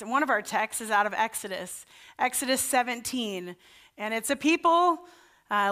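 A woman's voice: a little high, sharp tone. A woman pastor giving a sermon in a chatty, story-telling way, with self-deprecating asides.

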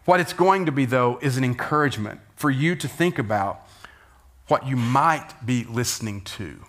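A pastor delivers a sermon with the energy of a storyteller, pushing his voice up for the dramatic beats and pulling it back down for asides. His pitch sits right in the middle for a man. It is a plain, natural speaking voice. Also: moderate pace. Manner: animated storytelling, rising to loud emphasis and dropping to quiet asides.

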